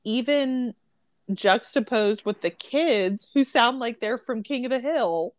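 A woman's voice: a little high, takes it slowly, background noise. A woman chatting casually about a book she loved, opinionated and often laughing. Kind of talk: casual book review chat.

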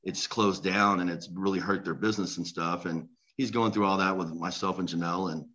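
Give me a low-voiced man telling a story, dull lo-fi sound. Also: brisk. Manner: animated, laughs through the punchline. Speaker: guest. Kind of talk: casual storytelling.

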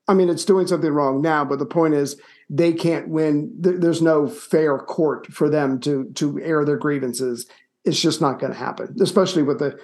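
A man co-hosting a history podcast, telling stories in a loose, animated way and swearing casually. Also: a little high. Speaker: co-host.

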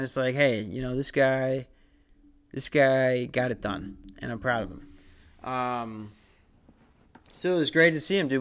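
A man's voice: medium pitch, smooth. Profane, rambling young man podcasting. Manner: profane, self-deprecating, rambling. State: tired from little sleep. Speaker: podcast host. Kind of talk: casual rambling monologue.

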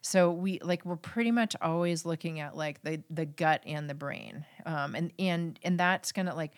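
A woman doctor on a podcast, explaining things in a loose, chatty way full of "like" and "you know". Her voice sits a little low for a woman. The sound is dry and close, with no room around it. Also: normal speed, no echo. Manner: casual, many fillers like "like" and "you know". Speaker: physician guest. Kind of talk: conversational interview.

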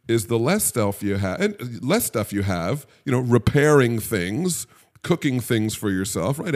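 A man's voice: mid-range voice, a little mellow. A middle-aged man co-hosting a podcast in casual chat, rambling and wry, often stopping and restarting mid-thought. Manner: rambling, self-interrupting, wry. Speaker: podcast co-host.

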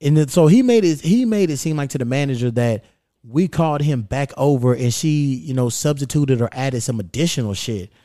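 A man hosting a podcast, telling stories in a profane, animated way with quoted back-and-forth. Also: medium pitch, a little fast, dry recording, clean studio sound. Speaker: podcast host. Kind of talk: casual chat, storytelling.

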